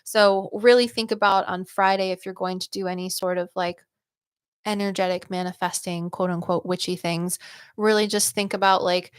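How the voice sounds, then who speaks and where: A psychic medium hosts a casual livestream; she's a woman whose low, steady voice sounds clear and resonant in a dry recording. She reads out viewer comments, chats loosely with lots of "like" and "um," and laughs quickly.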